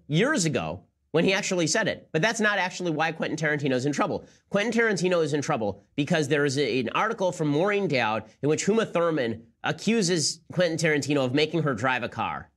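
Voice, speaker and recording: A man hosting a commentary show, firing off his points at a very quick clip. His voice sits a bit high for a man, and his tone is sarcastic and incredulous. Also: a bit bright. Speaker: political commentary show host. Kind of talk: rapid-fire commentary.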